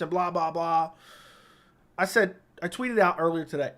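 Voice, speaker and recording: Young male streamer, higher voice, blunt quick takes, home studio mic. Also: fairly bright tone. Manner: blunt, opinionated, quick verdicts. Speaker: livestream host reading viewer comments. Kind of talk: casual livestream chat. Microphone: studio microphone.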